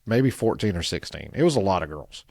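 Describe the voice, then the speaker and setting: A middle-aged man co-hosting a podcast, telling stories in an animated way and getting louder when he quotes himself. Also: sits low, a little fast, gravelly, no room sound, clean studio sound. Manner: animated, gets loud when quoting himself. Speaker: podcast co-host. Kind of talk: casual storytelling chat.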